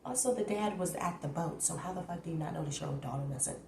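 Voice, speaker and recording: A woman's voice: sits low, quick pace, vocal fry, echoey room, slight background noise. Blunt, rambling woman vlogger. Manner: blunt, profane, rambling, animated. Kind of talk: casual rant recap. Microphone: phone.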